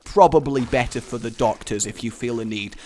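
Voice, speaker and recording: A man's voice: medium pitch, brisk, a little mellow, a little hiss or hum. A young English man hosting a gaming video, telling a rambling, jokey story while he plays. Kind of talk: let's play commentary.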